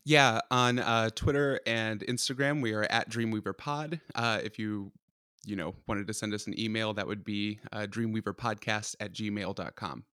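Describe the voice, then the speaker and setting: A man appearing as a podcast guest, telling stories in a deadpan, wry way. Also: on the low side, normal speed, clear, resonant tone, no echo, clean studio sound. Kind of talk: casual chat.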